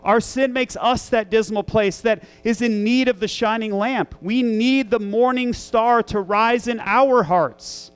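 Pastor, man, a parent, high clear tenor; earnest emphatic sermon, leans on repetition. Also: a little slow, few pauses. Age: young adult to middle-aged, a parent. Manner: earnest, emphatic, repeats key phrases.

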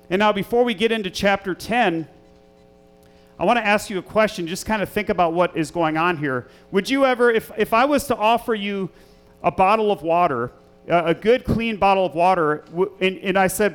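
Earnest pastor guy with a high voice preaching in church, hammers key phrases, lots of rhetorical questions. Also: moderate pace, clean tone, soft background music. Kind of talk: sermon with scripture reading. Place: church sanctuary.

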